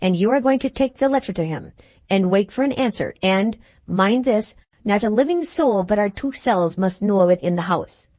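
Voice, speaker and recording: A bitter, jealous mother confined to her bed barks short orders and lowers her voice to plot. A woman reads her in an audiobook; the sound is dry and close. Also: expressive, moderate pace, a little mellow, no echo, close to an everyday voice. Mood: commanding. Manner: commanding, secretive, curt.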